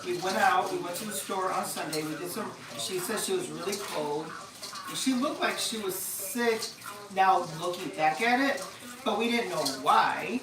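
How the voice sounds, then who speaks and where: A woman's voice: medium pitch, expressive, moderate pace. A middle-aged woman chatting casually on a live stream from her home, rambling with many fillers and restarts. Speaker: livestream host. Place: room at home. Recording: echoey room, voice a bit far from the mic.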